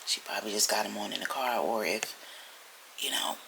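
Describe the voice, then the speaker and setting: A woman vlogging from home, telling a story in a chatty, animated way that sometimes drops to a whisper. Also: rumbling low, fairly quick, creaky, slight background noise, poor audio. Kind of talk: casual storytelling chat. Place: at home indoors.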